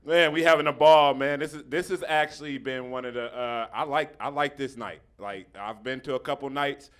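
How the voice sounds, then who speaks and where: A man's voice: medium pitch, moderate pace, fairly bright tone, clear, resonant tone. A man with a Dayton accent hosting a comedy show on a club stage, bantering loosely and profanely with the crowd. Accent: Dayton, Ohio.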